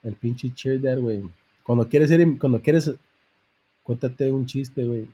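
Man, young adult, mellow warm tone, profane laid-back storytelling, mixes English and slang. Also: medium pitch, moderate pace, husky. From San Jose, California. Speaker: comedian and podcast host. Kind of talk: casual joke-telling on a live podcast.

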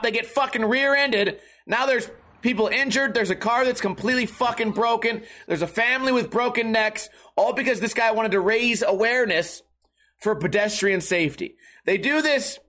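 A man's voice: high voice, pushed and bright. Rambling, profane young man talking casually. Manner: rambling, profane, sarcastic storytelling. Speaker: podcast host. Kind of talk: casual monologue.

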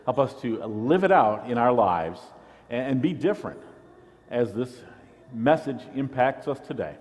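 A man's voice: medium pitch, big pitch swings, measured pace, darkish tone, in a large hall. A man pastor preaching a sermon, teaching in an earnest way and often repeating a word as he restarts.

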